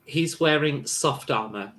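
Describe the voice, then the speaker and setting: Casual game master. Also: male voice, on the high side, a little slow, fairly bright tone. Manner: casual, hesitant with fillers. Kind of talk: narrating a tabletop role-playing game.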